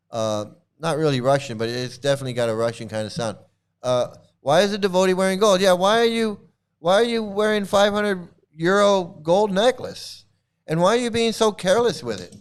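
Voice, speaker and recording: Man mocking a clip in a smooth voice. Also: fairly high pitch. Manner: scornful, repetitive, stumbling restarts. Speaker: commentary host. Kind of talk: mocking reaction commentary.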